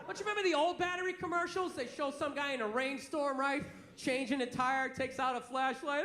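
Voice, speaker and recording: A man's voice: extremely high pitch, brisk, noisy background. A man in his forties doing a profane, ranting stand-up routine in a comedy club with a live audience. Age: 40s. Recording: echoey venue, loud crowd. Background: audience laughter.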